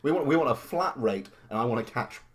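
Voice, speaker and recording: A man playing a tabletop game, bantering and joking with quick remarks. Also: mid-range voice, lively intonation. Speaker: player. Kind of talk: casual tabletop game chat.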